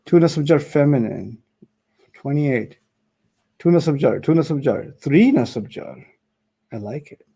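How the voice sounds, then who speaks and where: A man teaching an online class, quick and teasing with his students. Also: a little high, expressive, mellow, husky.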